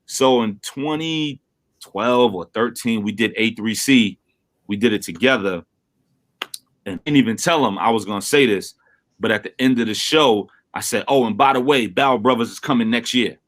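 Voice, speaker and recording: A man from Brooklyn, a rapper being interviewed over a remote call, telling stories in a casual, animated way and acting out quotes. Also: moderate pace. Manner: animated storyteller, acts out quotes with big pitch jumps. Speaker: rapper guest.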